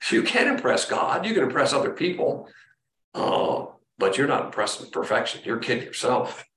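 A man preaching a sermon in an emphatic, teacherly way, often speeding up and slowing down. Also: medium pitch, very animated, fairly bright tone, echoey room, far from the mic. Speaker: pastor.

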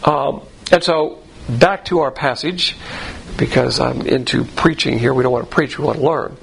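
A man's voice: mid-range voice, normal speed, vocal fry, a little hiss or hum, rough recording. A man teaching the Bible verse by verse in a blunt, folksy way, full of rhetorical questions and acted-out quotes. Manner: acts out quoted voices.

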